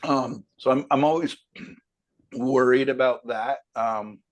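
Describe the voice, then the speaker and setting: A man teaching a painting class in a casual critique, easygoing and joking, thinking aloud with plenty of pauses and fillers. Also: medium pitch. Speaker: painting instructor.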